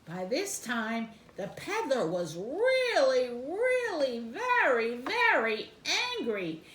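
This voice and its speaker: A woman reads a children's storybook aloud, very slowly and with a lively, sing-song voice. She is high-pitched and speaks straight to young listeners. The room is echoey, with faint noise behind her. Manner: expressive, sing-song, gasps for effect. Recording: roomy echo, faint background noise.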